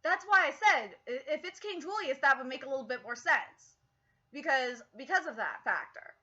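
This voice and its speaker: A woman streaming a live manga reaction, excitable, swearing freely and thinking out loud with lots of fillers. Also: sits high, moderate pace, highs cut off.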